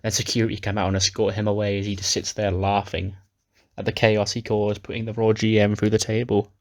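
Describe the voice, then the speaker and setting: A man's voice: lowish voice, completely flat delivery, fairly quick. A man narrating a wrestling simulation playthrough, recapping matches casually. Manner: recaps storylines casually with swearing. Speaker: game player narrating.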